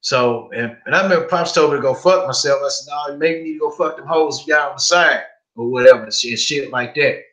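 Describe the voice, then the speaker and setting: A young man hosting a podcast, telling profane, animated stories full of quoted back-and-forth. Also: a little high, brisk, roomy sound, poor audio. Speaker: podcast host. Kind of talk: casual podcast storytelling.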